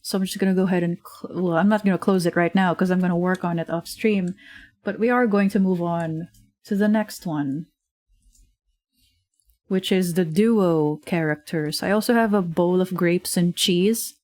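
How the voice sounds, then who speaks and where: She talks at a moderate pace in a lowish, slightly mellow voice, and the recording is dry. A streamer and digital artist, she chats casually while drawing on a livestream at her home desk microphone, meandering, filler-heavy and quick to laugh.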